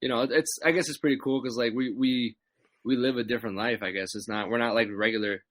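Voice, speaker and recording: A man's voice: medium pitch, steady tone, quick pace, a bit bright, no echo. A man from the Chicago area, a pro wrestler, chatting casually on a podcast and acting out what his fans say to him. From Chicago area, USA. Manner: laid-back storytelling, acts out voices of fans.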